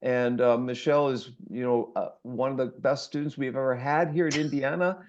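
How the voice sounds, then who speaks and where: A man's voice: mid-range voice, fairly even intonation, moderate pace, lo-fi sound. A man hosting an online class as instructor, introducing guests in a rambling way with many fillers and restarts. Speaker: course instructor and host. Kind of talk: casual online class talk.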